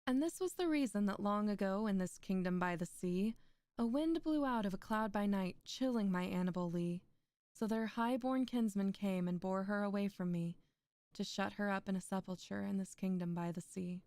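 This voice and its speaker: A woman's voice: medium pitch, moderate pace, a little mellow, no room sound. A young woman streaming a poetry reading, reciting poems aloud and breaking off into chatty asides with frequent laughs.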